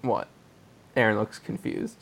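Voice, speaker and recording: A man's voice: on the low side, very animated, unhurried, gravelly, a bit bright. A man hosting a podcast, chatting casually and rambling through a retelling, often laughing. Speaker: podcast host. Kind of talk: casual review chat.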